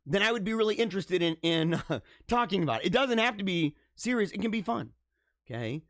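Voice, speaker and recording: A man hosts a live show in casual live-stream commentary, riffing animatedly, laughing a lot, stammering into restarts and feigning disbelief. His high voice moves a little fast, captured in a dry, studio-quality recording.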